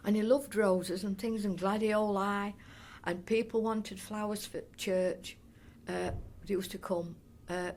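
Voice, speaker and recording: An older woman from North East Derbyshire, England, talks unhurriedly with few pauses in a steady, mid-range, darkish voice, against slight background noise. As an oral history interviewee, she reminisces in a chatty, rambling way, restarting often and slipping in fond asides.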